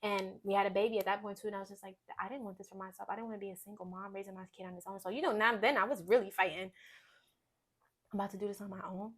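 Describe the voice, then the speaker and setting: A young woman giving a personal testimony in conversation, earnest and storytelling, often dropping to a quiet voice. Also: steady tone, racing. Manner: earnest, storytelling, drops to quiet low voice when recounting. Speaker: guest sharing testimony.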